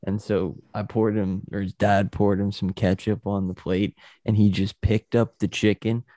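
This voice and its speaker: A man co-hosting a casual sports podcast. His voice sits low and sounds dry and close. He tells a family anecdote and laughs along with it. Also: flat delivery, normal speed, dark tone, no room sound. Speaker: podcast co-host. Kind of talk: casual chat.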